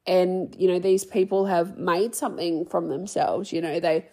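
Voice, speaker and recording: A woman in her young adult years hosts her podcast in a loose, rambling chat, dropping swear words and making fun of herself. Her voice has a gravelly, creaky edge and a husky, slightly raspy texture. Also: fairly low pitch, fairly even intonation, normal speed, a little mellow. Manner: rambling, swears freely, self-deprecating. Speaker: podcast host. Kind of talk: casual solo podcast chat.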